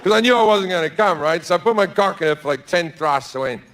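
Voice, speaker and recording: A man's voice: high voice, animated, fast talker, fairly bright tone, slight background noise. A man doing stand-up storytelling in a large theatre, brash and profane, slipping into acted-out voices. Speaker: stand-up comedian. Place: large theatre with a live audience.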